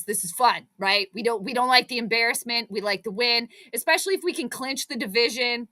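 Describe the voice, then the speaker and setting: A young adult woman hosting a live sports stream, reacting to the game in an excitable, exclamatory, chatty way. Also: on the high side. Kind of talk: live play-by-play reaction commentary.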